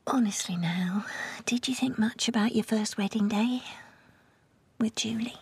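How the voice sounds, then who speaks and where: An actress playing an older woman on her second marriage, with a breathy whispery voice, gently teasing. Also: a little high, measured pace, slight background noise. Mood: fond. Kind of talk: audio drama acting.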